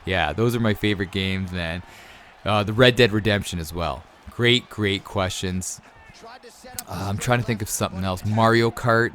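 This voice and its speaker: A man's voice: lowish voice, a bit bright, a little hiss or hum. A man in his thirties, a gaming YouTuber, chatting casually as he reads out and answers viewer questions over gameplay.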